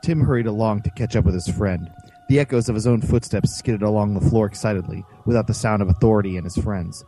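A man narrating a storybook aloud with an animated delivery. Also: on the low side, fast talker, soft background music, poor audio. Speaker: reader. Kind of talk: reading a book aloud.

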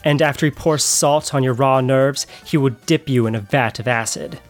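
A formal, earnest vampire hunter as a man reads him in a storybook reading, mid-pitched and even. Faint music plays underneath. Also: moderate pace, close to an everyday voice. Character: solemn grown male vampire hunter, earnest.

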